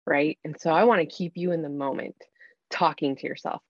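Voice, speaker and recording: A woman's voice: sits low, steady tone, fairly quick, no echo, lo-fi sound. A woman giving earnest, coaching advice in a conversational talk, often acting out what to say to yourself.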